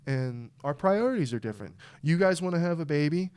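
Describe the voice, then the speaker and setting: A young man co-hosting a casual podcast chat, rambling and getting fired up in loud bursts before dropping back to low mutters. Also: brisk, clean tone. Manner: excitable, swings from low mumble to loud outbursts. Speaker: podcast co-host.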